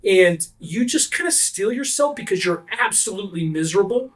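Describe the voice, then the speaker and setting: A man's voice: sits high, lively intonation, brisk, a bit bright. A man narrating as game master, describing scenes vividly and immersively.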